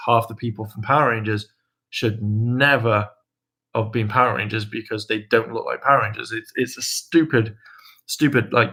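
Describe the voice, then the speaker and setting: Bright-voiced man rambling on a livestream. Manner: hesitant, many ums and restarts, jumps into high mocking voices when quoting. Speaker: livestream host. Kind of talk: casual rambling livestream chat.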